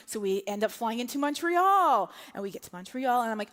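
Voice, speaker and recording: A woman with a high, bright-sounding voice tells a lively story from a church stage, gasping and playing out the people she meets. Her words ring out into a large hall with a long reverb trailing behind each phrase. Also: a little fast. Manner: animated, acts out others' voices, breathless gasps. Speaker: speaker telling a personal story to a church. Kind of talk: sermon storytelling.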